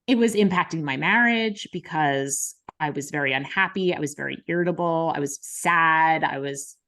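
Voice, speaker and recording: Low-voiced woman talking frankly. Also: normal speed, a bit bright. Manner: frank, many likes and ums, emotional retelling. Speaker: podcast host. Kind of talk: candid conversational storytelling.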